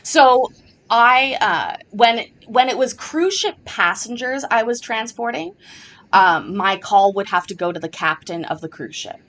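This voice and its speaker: A woman's voice: on the high side, expressive, measured pace, fairly bright tone. A woman hosting a live chat show, telling work stories in a candid, casual way, swearing freely and using many fillers. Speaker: livestream show host.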